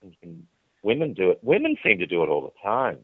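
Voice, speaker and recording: Interviewed over a dry, tinny phone-like connection with no room sound, a male TV presenter spins candid, chatty anecdotes, animatedly performing the quoted lines. His voice is low, quick and slightly rough.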